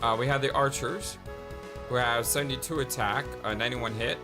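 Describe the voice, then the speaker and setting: A man's voice: mid-range voice, fairly quick. A man hosting a let's play, giving upbeat, chatty gameplay commentary and laughing easily. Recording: loud game music behind.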